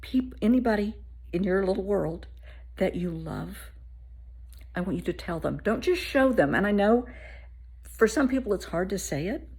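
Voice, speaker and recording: A woman in her fifties, a therapist, telling an everyday story to camera in an animated, earnest way. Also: mid-range voice, normal speed, long pauses, husky. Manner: animated, warm-hearted storyteller.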